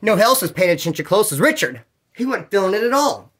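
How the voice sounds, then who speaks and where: A man telling prison stories in a casual, animated way, swearing often and acting out other people's voices. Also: high voice, quick pace. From California. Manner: animated, profane, acts out quoted voices. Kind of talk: casual storytelling.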